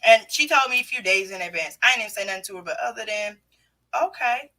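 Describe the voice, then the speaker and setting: A woman's voice: mid-range voice, rapid-fire, low-quality recording. A middle-aged woman, hosting a podcast and telling a story with jokes and laughter. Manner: lively, joking, laughs. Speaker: podcast host. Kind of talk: casual storytelling chat.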